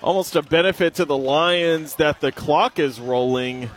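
A man's voice: fairly high pitch, measured pace, some chatter behind, a little hiss or hum. Upbeat young-sounding football play-by-play man. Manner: energetic, joking, reads sponsor ads between plays. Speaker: play-by-play announcer. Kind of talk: live high school football commentary.

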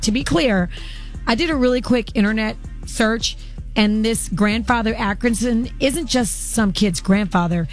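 A woman co-hosting a morning radio show, reading the news in a brisk, conversational way. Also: medium pitch. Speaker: news co-host.

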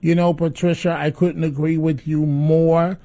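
A man's voice: fairly high pitch, flat delivery, measured pace, dark tone. A man hosting call-in talk radio, upbeat and chatty, combative about politics. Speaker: radio talk show host.

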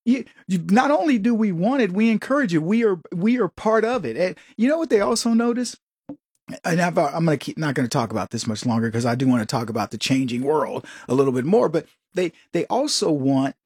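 This is an American man in middle age hosting a political commentary show. His voice is husky and sits fairly high, and he talks animatedly, often popping up into higher, excited quoted voices. The sound is dry and close. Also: brisk, no room sound. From United States.

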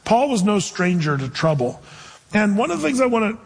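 Husky-voiced man preaching a lively sermon. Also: sits high, brisk, long reverb tail. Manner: animated, conversational preaching with jokey asides. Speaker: pastor.

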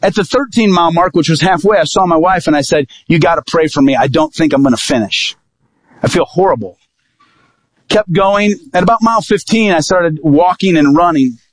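A man preaching as an evangelist, telling a personal story in a lively sermon style and acting out what people said. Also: a little high, fairly quick. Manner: vivid storytelling, acting out quoted dialogue.

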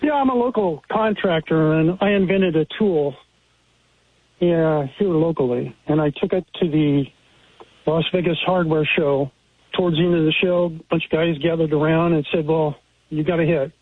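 A man's voice: fairly high pitch, moderate pace, husky, no echo. A man calling in to a radio talk show, earnestly telling his story and replaying what others told him. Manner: earnest storytelling, retelling conversations. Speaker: caller. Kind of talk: phoned-in radio call. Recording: tinny phone line.

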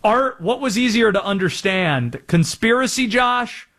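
A man's voice: high-pitched, animated, a little slow, a bit bright. A man from North Carolina hosting a sports talk radio show, chatting and explaining in a self-aware way.

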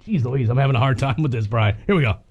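A man's voice: medium pitch, lively intonation, fast, breathy edge, lo-fi sound. A young man co-hosting a word game in casual banter, laid-back and teasing, often giggling. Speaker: co-host playing a reverse-audio word game.

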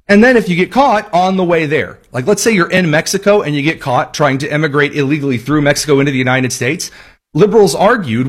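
A man's voice: sits high, quick pace. A man hosting a political talk show, delivering a sarcastic, mocking monologue. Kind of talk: opinion monologue.

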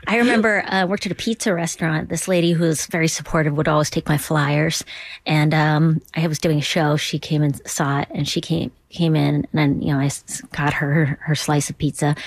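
A woman's voice: deep voice, steady tone, moderate pace, gravelly, dry recording. A middle-aged woman from Duluth, a comedian chatting in an interview in a playful way that slips into little impressions and whispers. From Duluth, Minnesota. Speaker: comedian guest. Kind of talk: casual interview chat.

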